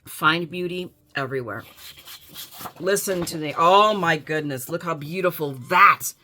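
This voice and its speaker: A woman's voice: low-pitched, unhurried, pushed and bright, slight background noise. A woman showing off a paper haul in a casual vlog, gushing with enthusiasm and reading quotes aloud. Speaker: scrapbooking vlogger.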